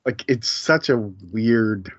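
A man's voice: mid-range voice, expressive, slow, dry recording. Rambling man on a dull, dry mic. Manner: rambling, many fillers and restarts. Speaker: podcast co-host. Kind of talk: casual chat.

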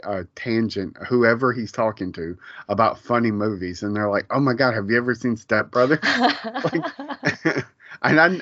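Male podcast co-host, casual and rambling, chuckles often; deeper voice, dry dull sound. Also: fairly bright tone, dry recording. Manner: rambling, chuckling as he recounts scenes. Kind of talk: casual chat.

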